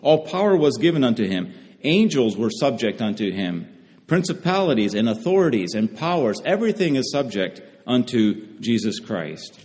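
Earnest preacher in a reverberant hall. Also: male voice, medium pitch, sing-song, moderate pace, a little mellow. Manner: earnest, repeats phrases for emphasis. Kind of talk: sermon.

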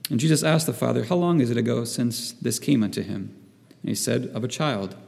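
Gravelly-voiced man preaching in an echoing hall. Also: mid-range voice, a little fast, a little mellow. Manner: hesitant, repeats words while searching for phrasing. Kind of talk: sermon. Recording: long reverb in a hall.

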